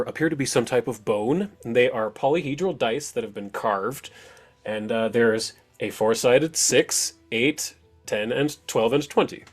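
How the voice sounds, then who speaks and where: A man as game master of an online tabletop game, chatty and upbeat, often laughing. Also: mid-range voice.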